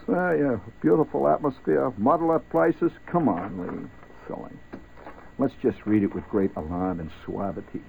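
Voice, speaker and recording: A man's voice: mid-range voice, normal speed, gravelly. A man hosting a late-night radio show, rambling wryly and talking straight to his listeners. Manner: wry, meandering, talks straight to listeners. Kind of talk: rambling ad-libbed radio talk. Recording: tinny old radio broadcast with faint hiss.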